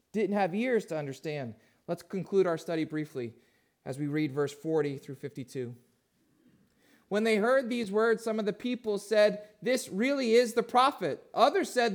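A pastor preaching a sermon in a high-pitched male voice. He poses questions to his listeners and moves between quiet, drawn-in passages and louder, emphatic ones. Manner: asks the congregation questions, swings from hushed to emphatic.

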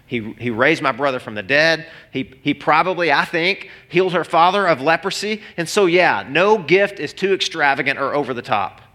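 Bright-voiced man preaching a sermon. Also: fairly high pitch, normal speed, hardly any pauses. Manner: animated, conversational preaching with restarts. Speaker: pastor. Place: church hall before a congregation.

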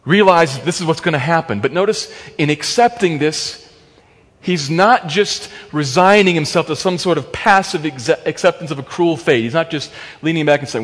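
Male preacher, sermon, emphatic, loud stresses then hushed drops, slightly high voice, long hall reverb. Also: normal speed. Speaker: pastor.

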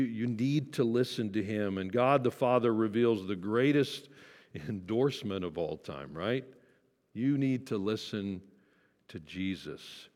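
A low-voiced pastor gives a casual sermon in a church sanctuary, where his words trail off in long reverb. He quizzes the congregation conversationally and slips in gentle self-deprecating humor.

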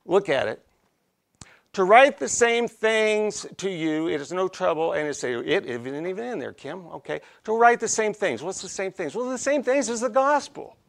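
A man's voice: high voice, lively intonation, moderate pace, gravelly. A man preaching an expository sermon in a folksy, conversational way, often checking in with his listeners. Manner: folksy, conversational, frequent "okay?" check-ins.

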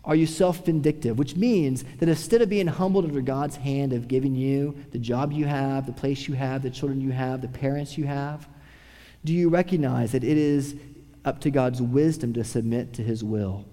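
A man preaching a sermon, swinging from a raised voice to hushed, quiet tones. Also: mid-range voice, moderate pace, in a large hall. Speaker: pastor.

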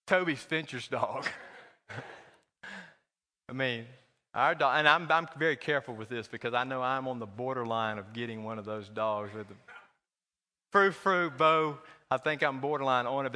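Bright-voiced pastor preaching in an echoey church hall. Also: male voice, a little high. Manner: conversational, joking, anecdotal. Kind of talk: sermon.

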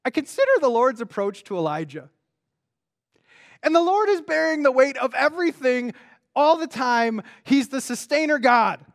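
High-voiced pastor preaching conversationally. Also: male voice, moderate pace. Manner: conversational, animated, with frequent restarts and rhetorical questions. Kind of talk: sermon.

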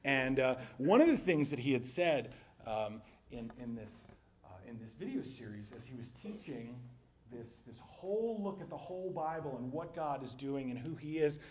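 A man's voice: medium pitch, expressive, moderate pace, a little hiss or hum. A man preaching a sermon, telling a story conversationally with casual asides.

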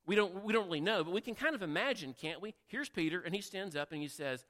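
Here the preacher talks fast and expressively, barely pausing, his high voice fairly bright. His sermon feels like a conversation, full of questions to the audience and acted-out quotations, all echoing with the long reverb of a big hall.

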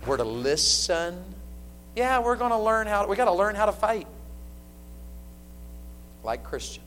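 A man preaching a sermon to his church, animated and swinging between loud and hushed. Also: high-pitched, unhurried. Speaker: pastor. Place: church sanctuary. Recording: long hall reverb, faint hum.

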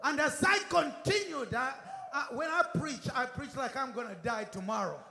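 A man preaching a fervent sermon with a British accent, often shouting and calling for the congregation's response. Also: very high-pitched, expressive, normal speed, creaky, noisy background. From Britain. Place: church. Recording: echoey church hall.

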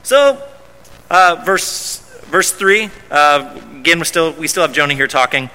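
A man's voice: mid-range voice, animated, moderate pace, sharp tone. A man preaching a sermon as pastor, emphatic and often repeating words as he starts phrases. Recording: long hall reverb.

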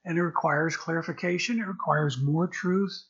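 Older male pastor, husky, conversational sermon. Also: fairly high pitch, moderate pace, a bit bright, highs cut off. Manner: conversational, repeats words while searching.

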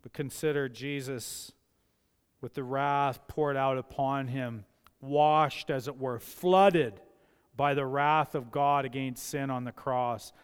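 A man's voice: mid-range voice, fairly even intonation, slow, clear, resonant tone. Older male pastor preaching in a reverberant hall. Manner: emphatic, repeats key phrases for effect. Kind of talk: sermon. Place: church sanctuary.

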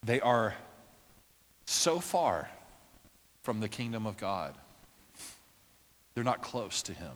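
A man preaching a sermon as a pastor, with impassioned prayer that builds toward shouting. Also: mid-range voice. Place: church. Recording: long reverb of a church hall.

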